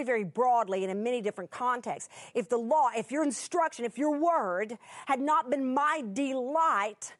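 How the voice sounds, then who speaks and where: A woman's voice: sits high, dry recording. A woman teaching from the Bible in an earnest, conversational way, often restarting her sentences. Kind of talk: sermon.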